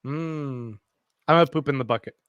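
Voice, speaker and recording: A man's voice: mid-range voice, moderate pace, fairly bright tone, smooth, no echo, highs cut off. A man playing a tabletop game, joking goofily in character. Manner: goofy, joking in-character player. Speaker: player.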